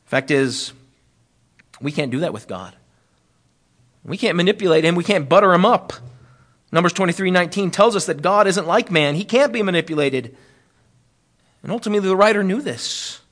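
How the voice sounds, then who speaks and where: A man preaching an expository sermon, rising loud and high on appeals, then dropping low and soft, slowing on key phrases. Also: expressive. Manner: preaching with wide swings in pitch and loudness, slowing on key phrases.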